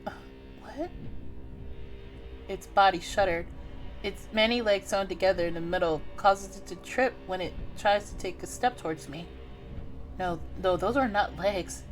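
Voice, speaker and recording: A young woman live-streaming a horror game, reading its text aloud and reacting with excitable shouts and laughs. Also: medium pitch, unhurried, long pauses, faint music behind.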